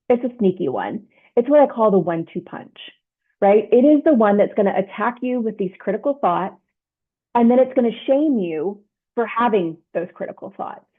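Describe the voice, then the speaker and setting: A woman coach walks listeners through a self-help lesson in a patient, explanatory way, tossing in "right?" to check they follow. Her voice sits at an ordinary middle pitch for a woman. The sound is thin and tinny, like it's coming through a phone line. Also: slightly rough. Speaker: leadership coach. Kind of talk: instructional self-help talk.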